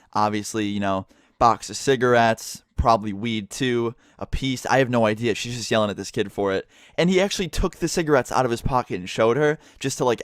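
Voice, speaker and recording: Fast-talking young man telling a story. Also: on the low side, no room sound, studio quality. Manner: casual, swears a lot, exasperated. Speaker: vlogger. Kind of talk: storytime vlog.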